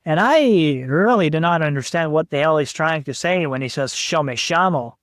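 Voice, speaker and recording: A man's voice: a little high, moderate pace, no echo, clean studio sound. A man hosting a podcast, telling travel stories in a laid-back casual way, swearing and saying "dude.". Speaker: podcast host. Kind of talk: casual storytelling chat.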